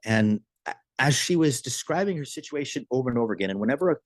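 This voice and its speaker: A man giving a motivational business training talk, telling a story with lively enthusiasm and frequent restarts and repeated words. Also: medium pitch, quick pace, no room sound.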